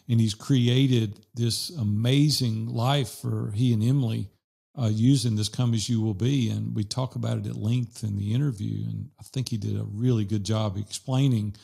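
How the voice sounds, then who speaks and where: Gravelly-voiced man telling a story. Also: mid-range voice. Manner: animated storyteller, quotes people in lively voices. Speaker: podcast host. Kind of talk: casual chat.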